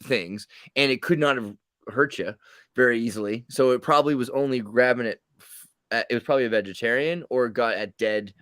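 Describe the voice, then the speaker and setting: A man's voice: mid-range voice, a little fast, fairly bright tone, no room sound. A man telling rambling, jokey stories in casual chat, putting on mock voices for the people he quotes.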